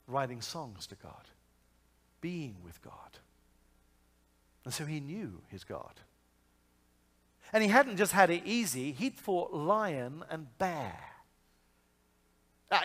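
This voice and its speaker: A man preaching a sermon, telling a story in a lively, conversational way full of asides and rhetorical questions. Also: on the high side. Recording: long hall reverb.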